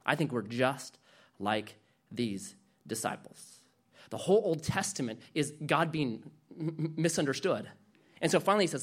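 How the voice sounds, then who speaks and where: A male pastor preaching a sermon, animated and acting out quoted voices. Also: fairly high pitch, moderate pace.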